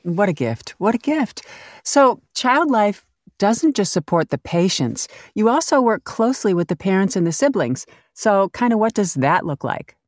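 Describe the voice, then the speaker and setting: A woman interviewing a guest, warm and admiring in her questions. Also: medium pitch, sing-song, normal speed, no room sound, clean studio sound.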